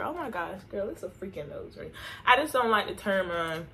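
This woman's voice is medium in pitch, animated and fairly quick, with a sharp edge. She's a beauty vlogger bantering with viewers in a casual, slang-filled get-ready-with-me chat, recorded on the camera mic while she applies makeup.

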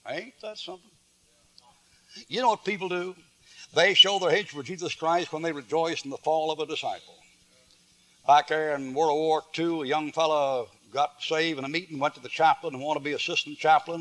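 An older preacher man delivering a sermon in a folksy, storytelling way. His voice sits a bit high, and he swings from loud bursts down to low, quiet asides.

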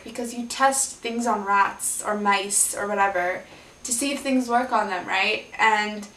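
Young woman, higher voice, rambling candid vlog, roomy echo, set back from the mic. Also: a bit bright, distant mic. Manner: candid, rambling, addresses viewers as guys. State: left side of face numb, drooling. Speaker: vlogger. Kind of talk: personal vlog. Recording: echoey room, voice from off the mic.

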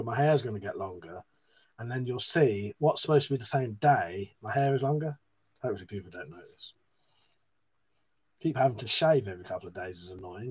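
Reading viewer comments aloud on his live stream, a husky, mid-range-voiced man keeps things chatty and casual, cursing frequently and laughing at himself.

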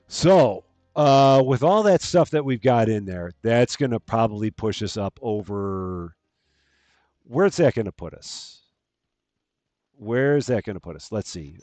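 A man's voice: lowish voice, a little mellow, dry recording. A man chatting casually on a live game stream, rambling with lots of fillers and repeated words. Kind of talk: casual live-stream chat while playing.

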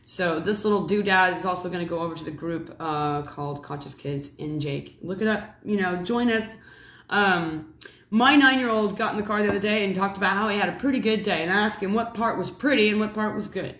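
A woman in her thirties, a mother, telling a rambling spiritual story in a casual, animated way. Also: mid-range voice, brisk. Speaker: mother and preacher. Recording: echoey room.

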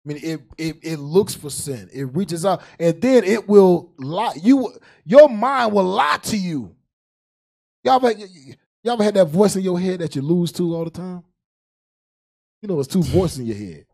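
A man's voice: a little high, animated, moderate pace, mellow. A man preaching a humorous sermon. He laughs often, drags out key words, and calls on a reader to recite verses. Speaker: preacher and teacher.

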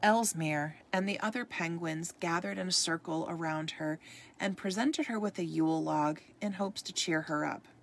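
Gravelly, low-voiced woman reading a story. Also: moderate pace, slight background noise. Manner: expressive read-aloud, occasional stumbles. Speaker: storybook reader. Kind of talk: reading a ghost story aloud.

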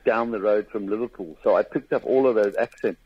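A South African man, a comedian guest, chatting in a lively storytelling way in a radio studio. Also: on the low side, slightly rough, dry recording. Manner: lively storyteller with quick bursts of mimicry. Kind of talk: casual interview chat. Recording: dull radio studio sound.

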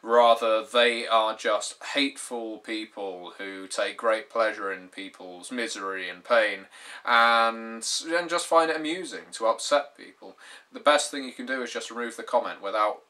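A man's voice: fairly low pitch, unhurried, bright, forceful tone. A British man in his twenties hosting his gaming channel, talking to camera in a dry, sardonic way with wry humor. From Britain. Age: 20s. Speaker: YouTube gaming channel host. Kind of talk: casual to-camera talk.

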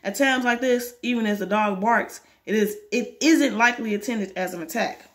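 A woman voicing a detached male professor, speaking in a flat, matter-of-fact way. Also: fairly high pitch, moderate pace, close to an everyday voice. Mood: explaining. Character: aloof, blunt male professor, calm and detached.

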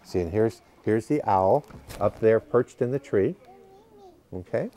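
A man's voice: fairly low pitch, animated, measured pace, mellow, slight background noise. A man reading a picture book to children at a library, patiently asking the children questions as he goes. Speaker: library storytime reader.

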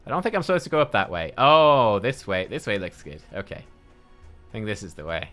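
A man's voice: on the low side, big pitch swings, normal speed, a bit bright. A man streaming an online game, muttering to himself and swearing casually as he plays. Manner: muttering, swearing, thinking aloud. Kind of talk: casual gameplay commentary. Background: game music.

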